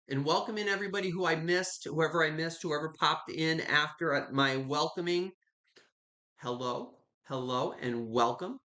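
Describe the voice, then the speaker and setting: A man hosting a live online sale, chatting warmly with viewers and gushing over each item he shows. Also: a little high. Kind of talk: live online auction selling.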